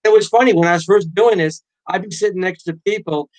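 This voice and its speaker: Talking fast in a high voice, this middle-aged author and pilot shares stories as an interview guest. He's an animated storyteller who performs the quotes he recounts in the casual conversation.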